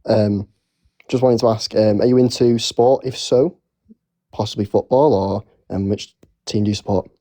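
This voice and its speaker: A man's voice: fairly low pitch, steady tone, moderate pace, mellow, no room sound, studio quality. A man calling in to a live show, hesitant and polite, with many ums. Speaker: caller.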